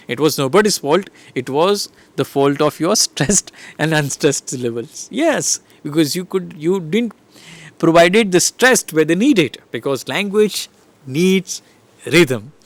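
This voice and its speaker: A middle-aged man gives a recorded lecture, explaining slide by slide and checking in with "right?" and "fine". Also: a little high. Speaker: English lecturer.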